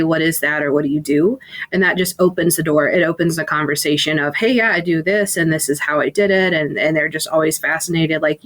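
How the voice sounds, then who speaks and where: Friendly young woman, lowish voice. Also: low-quality recording. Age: young adult. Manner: friendly, conversational. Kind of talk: interview answer.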